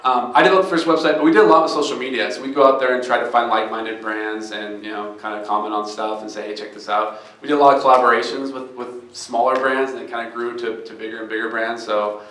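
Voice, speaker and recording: A man's voice: medium pitch, fairly even intonation, fast talker, hardly any pauses, fairly bright tone. Earnest man speaking in an echoey room. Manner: earnest and storytelling, gets choked up, many restarts. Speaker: startup founder speaking on stage. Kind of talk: live fireside chat. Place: event venue with an audience.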